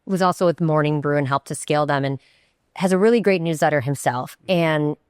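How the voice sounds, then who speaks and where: A woman with a low, smooth voice explains her thinking through example after example. She talks conversationally, restarting sentences as she goes. The recording is dry and close. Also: fairly quick, no room sound. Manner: explanatory, uses many examples, frequent restarts. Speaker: guest, networking consultant. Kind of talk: conversational podcast interview.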